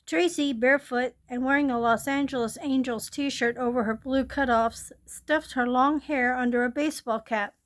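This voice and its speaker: A woman steadily reading a ghost story aloud, gently and with small slips. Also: high voice, steady tone, normal speed, hardly any pauses.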